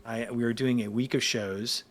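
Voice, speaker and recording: A man in his forties, a podcast guest, telling stories in casual chat in an excited, rambling way with many restarts. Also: medium pitch, moderate pace.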